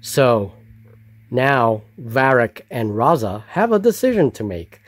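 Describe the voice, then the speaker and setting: A man narrating a solo tabletop game as game master, describing the scene slowly and deliberately. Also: mid-range voice, big pitch swings, no room sound. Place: hobby table with miniatures.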